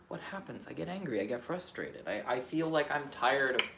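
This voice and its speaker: A man with a gravelly edge to his voice talks himself through his feelings in a candid, self-questioning way. He drops to a mutter and then pushes out emphatic, profane lines. The room has a clear echo and a faint hum of ambient noise behind him. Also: medium pitch, lively intonation, brisk, few pauses. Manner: candid, self-questioning, swings between muttering and emphatic outbursts, swears freely. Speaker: vlogger. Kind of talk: solo self-reflection, thinking aloud.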